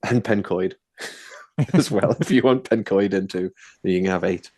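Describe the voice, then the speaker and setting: A man's voice: deep voice, measured pace, mellow, dry recording, studio quality. A man, asking curious questions and chatting in an amused way on a rugby podcast. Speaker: podcast co-host. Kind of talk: casual sports chat.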